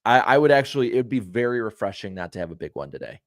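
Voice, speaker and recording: A man hosting a racing talk show, giving frank opinions in casual, conversational pre-race chat and talking warmly to his viewers. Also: lowish voice, big pitch swings, very fast, no room sound, clean studio sound. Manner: friendly to viewers.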